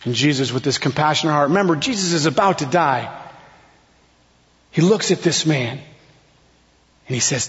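A man preaching a sermon in a slow, dramatic way, his voice dropping to a hush at key words. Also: a little high, animated. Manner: slow, dramatic delivery with sudden soft drops. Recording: long hall reverb, dull lo-fi sound.

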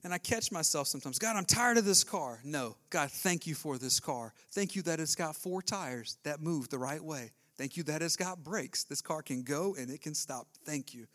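A man, preaching a sermon with emotion, swinging from hushed passages to loud exclamations. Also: on the high side, lively intonation, moderate pace, few pauses. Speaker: pastor.

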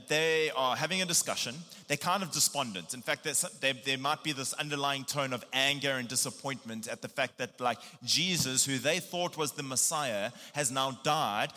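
A man preaching a casual sermon, retelling a Bible story in a lively, animated way with slang. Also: mid-range voice, big-room sound. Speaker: pastor.

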